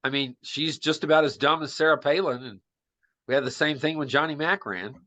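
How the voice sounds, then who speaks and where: A man's voice: fairly high pitch, fairly quick, sharp tone. A man co-hosting a podcast, chatting casually about politics and making bold predictions. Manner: opinionated, makes bold predictions. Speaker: podcast co-host.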